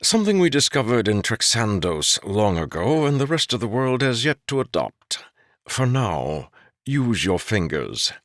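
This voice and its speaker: A man's voice: on the low side, sing-song, measured pace, a bit bright, no echo, voice pushed up, exaggerated voice. A man reading the part of a wry male court jester with dry, teasing banter, in an audiobook.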